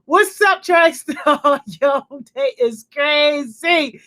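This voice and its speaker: A young adult woman hosting a youth livestream, greeting viewers with playful shouts and slang. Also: sits high, takes it slowly, few pauses.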